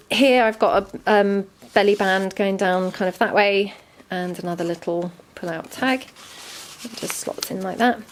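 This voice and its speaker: A woman casually walking through a handmade junk journal, chatty and relaxed with frequent ums. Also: medium pitch, a little hiss or hum. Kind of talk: casual show-and-tell narration.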